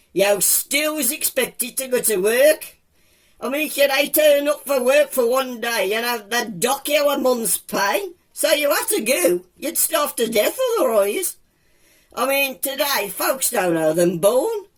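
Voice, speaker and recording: A woman voicing a grumbling male womble creature with a Black Country accent, talking in a drawling, moaning comic monologue. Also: fairly high pitch.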